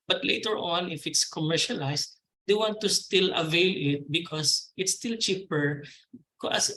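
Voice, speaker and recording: Filipino man, fairly high and forceful, courteous and halting as he answers a moderator's questions. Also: poor audio. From Philippines. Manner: polite, addresses the host as ma'am, hesitant with fillers. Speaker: agricultural extension officer.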